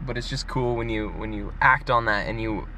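A young man talking casually to camera in a vlog, chatty and animated, laughing often. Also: on the low side, normal speed, a little hiss or hum. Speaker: vlogger. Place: gym parking area.

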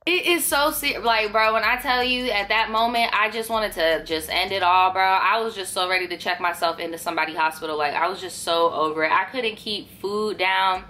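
A young woman with a slightly raspy voice, narrating a storytime vlog in a casual, slangy, profane way. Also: medium pitch, fairly quick, hardly any pauses, pushed and bright, a little hiss or hum. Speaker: vlogger.

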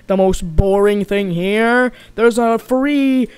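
A performer voicing every character in a comedic animated skit, switching between goofy character voices. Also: medium pitch, takes it slowly, smooth, no echo. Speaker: voice actor for all characters. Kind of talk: comedic machinima voice acting.

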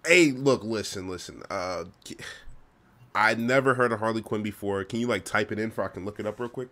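A man trolling strangers on a video call, crude and mocking, loud one moment and mumbling the next. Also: lowish voice, a little fast. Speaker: host.

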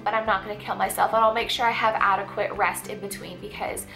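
A woman's voice: mid-range voice, steady tone, fast, gravelly, sharp tone, soft background music. A young woman vlogging in a casual chat to camera, stuffy and out of breath, talking with lots of fillers. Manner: chatty, many fillers and likes.

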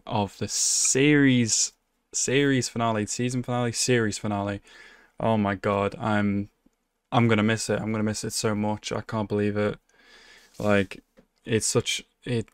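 A man's voice: on the low side, smooth, no room sound, clean studio sound. A young man hosting an anime reaction video, talking casually and emotionally, swearing and laughing often. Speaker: anime reaction channel host.

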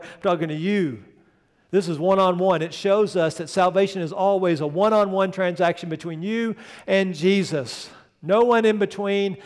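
A male pastor delivers a sermon with a high, lifting voice, pressing hard on key words. He builds to loud, ringing peaks and then falls to a near hush. His voice trails off in the long reverb of a large church hall. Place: church sanctuary.

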